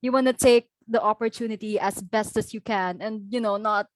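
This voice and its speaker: A young adult woman from the Philippines, appearing as a guest speaker, chats casually in an interview over video call. Her mid-range voice is steady and brisk, full of fillers and light laughs, with no room sound.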